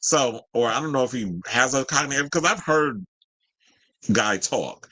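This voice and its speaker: A man's voice: mid-range voice, animated, moderate pace, pushed and bright, dry recording, rough recording. A man hosting casual celebrity gossip commentary, sassy and chatty, full of asides to his viewers. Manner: sassy and chatty, says "child" and "y'all". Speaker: host.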